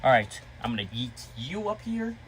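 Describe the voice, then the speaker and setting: Talking casually to his vlog viewers at a normal speed over background music, an excitable man lets his pitch jump around constantly and with great liveliness. He rambles, restarts his sentences, and erupts into sudden loud outbursts.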